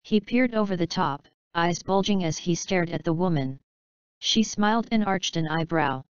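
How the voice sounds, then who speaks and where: A woman narrating an audiobook in a dry, even storytelling manner. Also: lowish voice, moderate pace, smooth, no echo, dull audio. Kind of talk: scripted narration.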